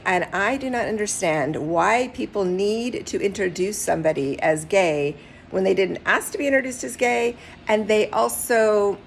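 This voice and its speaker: Woman matchmaker, direct and candid, lively storyteller, faint background hiss. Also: fairly low pitch, gravelly. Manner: candid, direct, animated storytelling with acted quotes. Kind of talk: direct-to-camera advice vlog.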